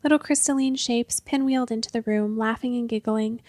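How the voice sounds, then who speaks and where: A woman narrating a short fantasy story in a calm, even storytelling manner. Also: a little high, a little fast, no room sound. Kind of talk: audiobook story reading.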